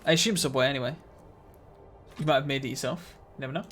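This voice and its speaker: A man's voice: mid-range voice, quick pace, a bit bright, faint music behind. A man streaming a video game live, chatting casually with his viewers in a laid-back, slightly mumbly way and chuckling often.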